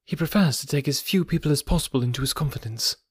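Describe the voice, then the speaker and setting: A man's voice: on the high side, quick pace, breathy edge, no echo, studio quality, voice pushed up. A man voicing a nervous, alert young male secretary who speaks in a clipped, assertive way. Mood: curtly reproachful.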